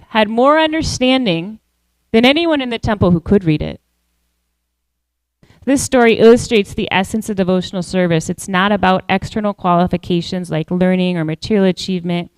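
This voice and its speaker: A woman giving a devotional class, telling a story in measured phrases and slowing down to stress key words. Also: medium pitch, dry recording, rough recording. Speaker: class speaker.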